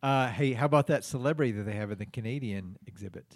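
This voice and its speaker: A man's voice: mid-range voice, fast talker, dry recording, studio quality. Teasing male comedy podcast host. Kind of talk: improvised comedy podcast chat.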